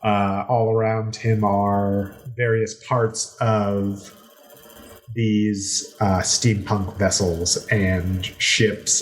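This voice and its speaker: A man narrating a tabletop role-play game as game master, describing scenes in an unhurried way with many fillers. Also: fairly low pitch.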